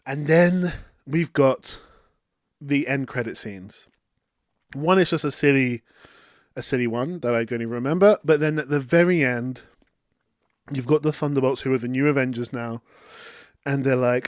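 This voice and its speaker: A man hosting a casual movie review show, animated and quoting characters in a raised voice, with hay fever that keeps him coughing. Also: medium pitch, moderate pace, pauses often, no room sound, studio quality. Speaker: film review host.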